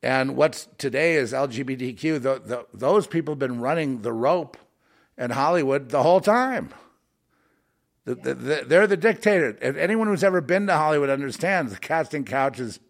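A man rambling through a monologue, halting and repeating words, dropping to mutters and then rising into heated outbursts. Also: mid-range voice, expressive.

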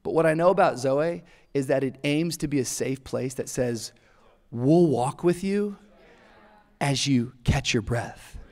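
A man in his thirties preaching a sermon in a church, an animated storyteller who acts out voices and laughs often. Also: a little high. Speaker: pastor. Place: church auditorium. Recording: large hall reverb.

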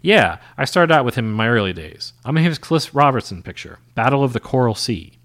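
A man's voice: mid-range voice, sing-song, a little fast, fairly bright tone. A man doing an eager, nervous actor. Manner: eager to please, self-conscious. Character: eager, nervous middle-aged male cowboy actor.

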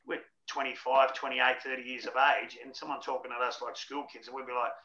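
A blokey man in his forties yarns frankly and jokily as an interview guest, his voice bright and forceful. The audio sounds roomy and a little dull. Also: medium pitch, level tone, a little fast. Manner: blokey, frank and jokey, laughs through anecdotes. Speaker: interview guest, former rugby league player. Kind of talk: casual storytelling interview.

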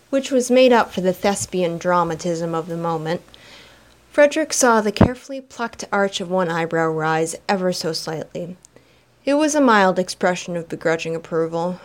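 A woman narrating a story in an expressive, dramatic reading style. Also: fairly low pitch.

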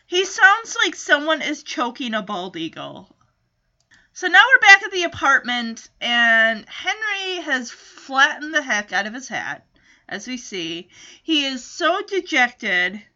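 Chatty, high-voiced woman recapping episodes. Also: very animated, slow, pushed and bright. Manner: chatty and joking, with indignant asides. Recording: dull lo-fi audio.

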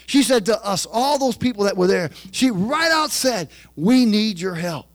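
A man with a high voice delivers a sermon. He tells stories in an easy, chatty way, then climbs into loud, shouted preaching. At times he drifts off the mic. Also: lively intonation, a little slow.

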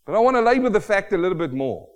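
A man preaching a sermon, swinging from quiet asides to loud, drawn-out emphasis. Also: sits high, very animated. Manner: dramatic swings from soft to loud, slows for emphasis. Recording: long reverb of a hall.

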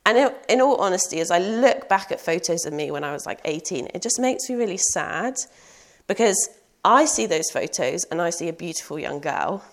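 A young woman gives a sermon, speaking earnestly and personally. Her voice sits a little low for a woman, and she keeps turning to questions for her listeners. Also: animated, normal speed. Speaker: preacher.

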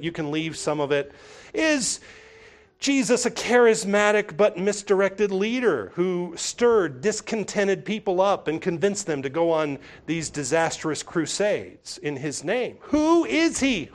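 A middle-aged man delivering a sermon in a church, his voice sitting high and swinging widely in pitch. He builds emphatic rhetorical questions and often repeats his words. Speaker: pastor.

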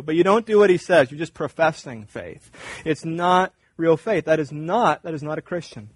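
A man's voice: fairly high pitch, expressive, moderate pace, no echo. A man preaching a sermon in a conversational, emphatic way, acting out little dialogues. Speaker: pastor.

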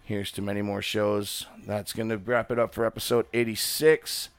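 A man's voice: on the low side, flat delivery, normal speed, clean tone, dry recording. A man from the United States hosting a podcast, talking in loose, profane, casual banter. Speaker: podcast host.

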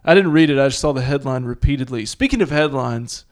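A man co-hosting a podcast, telling sarcastic stories with quick comebacks in casual banter. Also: mid-range voice. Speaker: podcast co-host.

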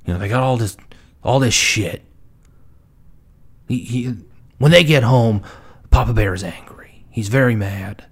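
Man, comic book reviewer, husky voice, mid pitch. Stammers, repeats words, slips into hushed asides. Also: unhurried, long pauses. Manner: stammering repetitions, drops into whispered asides. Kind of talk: comedic book commentary.

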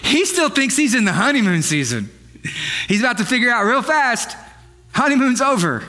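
A young male pastor delivering a comedic sermon, his voice pitched very high and bright. He jokes and teases the congregation with animated, playful asides, speaking in a church sanctuary before a live audience. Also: normal speed.

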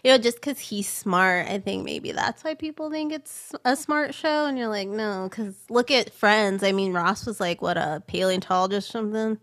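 A woman's voice: medium pitch, normal speed, few pauses, fairly bright tone. A young woman chatting casually on a podcast, laughing often and saying "like" a lot. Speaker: podcast guest.

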